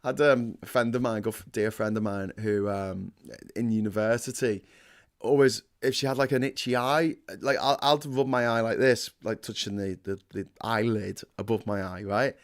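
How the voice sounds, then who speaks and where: A man's voice: lowish voice, steady tone, normal speed. A man hosting a casual livestream, rambling and self-deprecating, full of fillers and restarts. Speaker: host.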